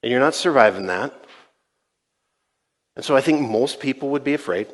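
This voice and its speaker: A man's voice: medium pitch, expressive, moderate pace. A male pastor preaching a sermon in a conversational way, retelling scenes and voicing quoted dialogue. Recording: long reverb in a large church.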